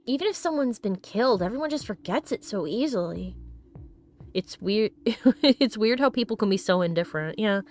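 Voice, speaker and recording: A woman doing casual let's play commentary, chatty and animated, laughing often and swearing now and then. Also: medium pitch, moderate pace, soft background music.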